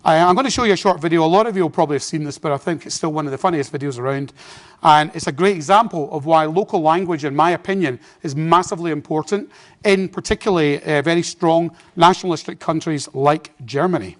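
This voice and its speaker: English man, forties, conference presenter; chatty, self-deprecating, a touch high-pitched. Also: quick pace. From Britain. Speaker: conference speaker. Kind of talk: business presentation. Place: conference hall.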